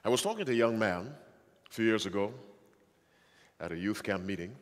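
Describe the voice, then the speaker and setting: A man's voice: fairly low pitch, expressive, fairly quick. Preacher guy giving a sermon, big swooping delivery, lots of questions to the crowd, long hall echo. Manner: emphatic, asks the audience questions. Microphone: handheld or stand microphone.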